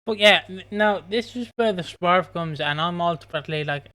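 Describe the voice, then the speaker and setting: A man's voice: a little high, steady tone, moderate pace, few pauses, pushed and bright, clear, resonant tone, dry recording. A man co-hosting a podcast, chatting casually about a soap episode, swearing freely and acting out the characters' lines. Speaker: podcast co-host.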